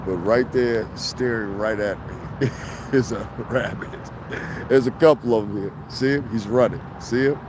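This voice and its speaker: A man vlogging outdoors on his phone by a fence, talking casually and profanely, getting animated as he rants. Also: a little slow. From New Jersey, US. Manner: animated, profane, rising to heated pitch when worked up. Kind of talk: casual outdoor commentary vlog. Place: outdoors by a fence, near traffic. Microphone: handheld phone camera. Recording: outdoor phone recording with traffic noise.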